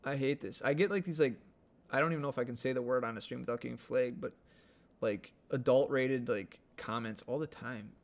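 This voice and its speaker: Chatting casually on his live stream from home, this gravelly-voiced Midwestern American man speaks at a medium pitch and a brisk clip. His talk wanders in a relaxed manner, heavily sprinkled with "like."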